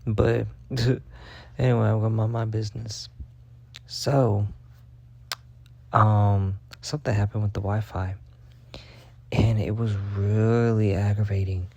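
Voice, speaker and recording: A young man telling a rambling, profane story in a casual monologue, packed with filler words and deadpan bragging. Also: on the low side, slow pace, creaky, pauses often, breathy edge, no room sound, dull audio. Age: young adult. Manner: rambling, heavy on "like" fillers and swearing. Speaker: vlogger.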